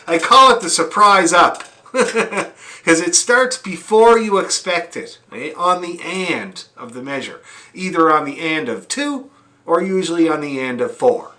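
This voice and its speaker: A man's voice: a little high, expressive, a little slow, bright, forceful tone. A man teaching fiddle, demonstrating bowings, counting beats aloud and often checking that his students are following. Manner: frequent check-ins asking students if they see. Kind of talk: online music lesson.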